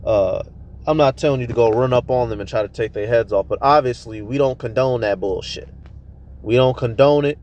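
A man's voice: medium pitch, a little mellow, highs cut off, a little hiss or hum. Fiery, profane man preaching. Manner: heated, profane, fast rhetorical questions. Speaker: street preacher vlogger. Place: at a tire shop, near a vehicle.

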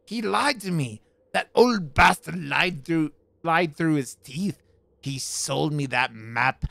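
A man's voice: medium pitch, gravelly, a bit bright, no echo. A man voicing a desperate, trapped male treasure seeker, reading his note aloud in a put-on Scottish accent.

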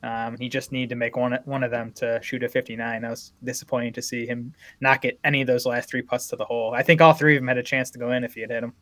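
A man's voice: medium pitch, level tone, a bit bright. A man co-hosting a golf betting podcast, talking through odds in an easygoing, analytical way. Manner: easygoing, analytical, quick to agree. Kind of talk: casual sports chat.

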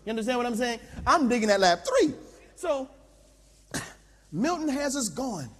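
A male pastor preaching with a high, lively voice that swings widely as he tells a comic story. He talks straight to his listeners in an animated way. A long reverb from a large camp tent trails each phrase. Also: normal speed. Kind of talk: humorous sermon storytelling.

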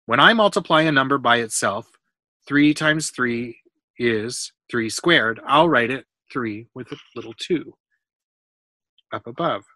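Bright-voiced man reading a story aloud. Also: mid-range voice, animated, a little slow, no room sound. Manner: patient, explanatory. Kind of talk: storybook read-aloud with math questions.

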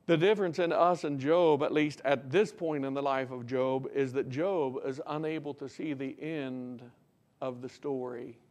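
A man preaching a sermon as pastor in a church. He swings from loud, emphatic peaks to quiet, reflective passages and reads scripture slowly. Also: mid-range voice, steady tone. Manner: reads scripture slowly in old-fashioned wording. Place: church sanctuary.

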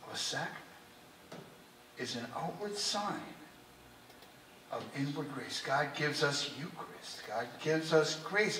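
Impassioned preacher, bright voice, echoing church. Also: male voice, a little high, far from the mic, a little hiss or hum. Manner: impassioned, heartfelt, often drops to a hushed earnest tone. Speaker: priest. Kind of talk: sermon. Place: church sanctuary. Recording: echoey church recorded from afar.

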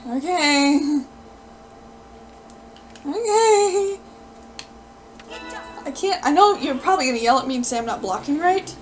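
Excitable high-voiced woman yelling at games. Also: fairly quick, soft background music. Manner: excitable, yelling and pleading at the game. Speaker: gaming video creator. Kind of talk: live gameplay commentary.

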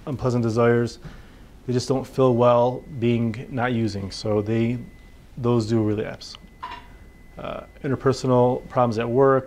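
In an informal workshop lecture on addiction, a physician speaks with a medium-pitched, slightly mellow voice. His delivery is conversational and packed with fillers, and he acts out the words of his patients.

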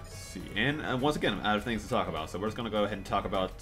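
A man rambles through casual gameplay commentary, swearing freely and tripping over fillers. His voice sits on the low side but swings around with lively pitch. Loud game music plays under him throughout. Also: racing. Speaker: let's play commentator.

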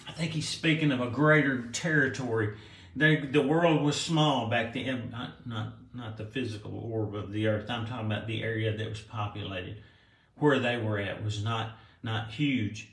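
A male pastor giving a conversational sermon, reading scripture aloud and explaining it with restarts and soft chuckles. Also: medium pitch, fairly even intonation, normal speed. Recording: roomy echo.

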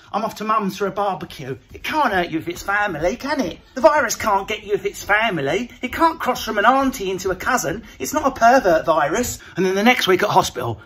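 A man doing a comedy rant to camera, animated and mocking, jumping into put-on voices. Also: sits high, a little hiss or hum.

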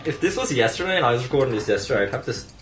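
Exasperated swearing man, bright and roomy. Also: mid-range voice, expressive, very fast, soft background music. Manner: exasperated, swears often, squeals and laughs in frustration. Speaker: let's play gamer. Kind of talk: casual gameplay commentary.

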